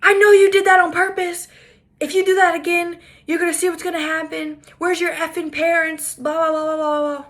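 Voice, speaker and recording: A woman's voice: very high-pitched, flat delivery, fairly quick, fairly bright tone, pitched above the performer's own voice. A woman mimicking a furious grown woman who shrieks scolding words at children.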